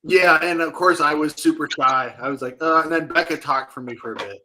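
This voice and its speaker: A man co-hosting a casual chat, telling animated stories and acting out quotes. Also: a little high, a little fast, reverberant, recorded from a distance, a little hiss or hum, rough recording. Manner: animated storytelling, acts out quotes. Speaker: co-host.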